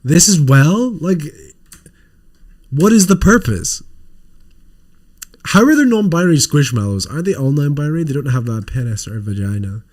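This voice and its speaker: A man's voice: fairly high pitch, animated, moderate pace, pauses often, a little mellow. A man co-hosting a livestream podcast, rambling casually and swearing while showing off toys. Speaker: podcast co-host.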